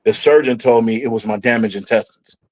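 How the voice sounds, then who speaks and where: A man's voice: brisk, poor audio. A middle-aged man, a podcast guest, telling a personal story in casual conversation, and his voice jumps up when he acts out what he said at the time. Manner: animated storyteller, voices his past self rising in pitch.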